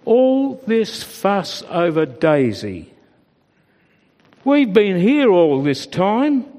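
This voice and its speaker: A man's voice: sits high, darkish tone, exaggerated voice. A man voicing a jealous young sheep who complains in a children's story. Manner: complaining, petulant. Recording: reverberant church hall.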